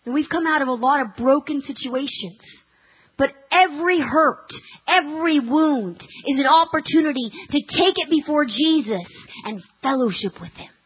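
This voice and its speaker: A woman's voice: high-pitched, normal speed, highs cut off. A young woman preaching at a church conference, telling a personal story in a chatty way, with lots of ums and restarts and laughing asides. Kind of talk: storytelling sermon.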